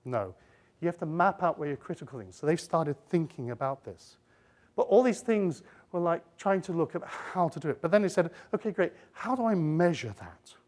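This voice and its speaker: A man's voice: a little high, animated, normal speed, darkish tone. A middle-aged man giving a live conference talk on a stage. He rambles, keeps breaking off mid-sentence to restart, and throws in joking asides. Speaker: conference speaker.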